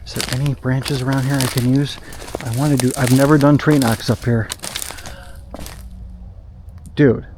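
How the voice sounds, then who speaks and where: A man narrating his solo night walk outdoors through snowy woods as a paranormal investigator, jumpy and excitable, talking to himself. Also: mid-range voice, a little hiss or hum. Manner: excitable and jumpy, talks to himself, quick nervous laughs. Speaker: paranormal investigator, channel host.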